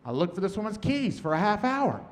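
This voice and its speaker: A man performing a stand-up comedy set on stage, deadpan, with muttered asides. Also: high-pitched, fairly quick. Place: comedy stage with laughing audience. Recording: noisy stage recording.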